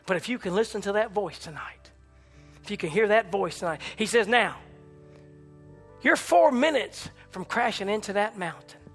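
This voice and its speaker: A man preaching an impassioned sermon, swinging from shouts to hushed tones. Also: animated, moderate pace, slightly rough. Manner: impassioned, rising to shouts and dropping low. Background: church organ chords.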